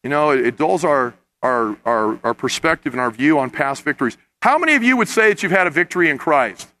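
A man's voice: fairly high pitch, expressive, a little fast, pushed and bright. A man preaching a sermon, earnest and rising to impassioned emphasis as he addresses his listeners. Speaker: pastor.

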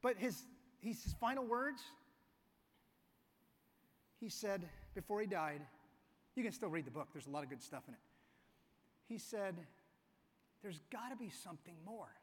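A man's voice: high-pitched, lively intonation, a little slow, long pauses. A man pastor giving a conversational, storytelling sermon in a church sanctuary. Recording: long reverb of a church hall.

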